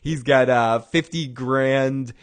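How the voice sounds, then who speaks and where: A man's voice: mid-range voice, takes it slowly. Rambling man recapping a TV episode. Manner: rambling retelling with frequent restarts and chuckles; acts out quoted lines in bursts of raised voice. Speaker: show host recapping a TV episode. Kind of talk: casual chat.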